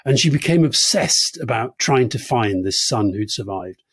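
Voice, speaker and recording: A man's voice: medium pitch, animated, normal speed, a bit bright, husky, dry recording. A man in his sixties co-hosting a conversational political podcast, earnest and reflective. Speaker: podcast co-host.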